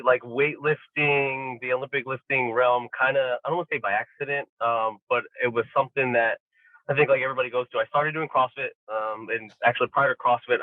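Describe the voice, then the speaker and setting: A man's voice: mid-range voice, dry recording. A man telling stories in a casual podcast chat, acting out quotes with lots of fillers. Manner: animated storyteller acting out quotes, many fillers. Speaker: podcast guest, athlete. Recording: tinny phone-like line, dry.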